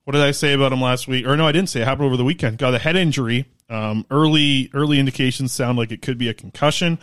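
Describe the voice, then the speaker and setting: A man talking quickly in a casual podcast chat, his pitch sitting mid-range for a man. He rambles through hockey notes with plenty of "like" and "you know", keeping a loose, conversational flow. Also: fairly bright tone. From Canada. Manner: rambling, filler-heavy delivery. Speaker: podcast co-host.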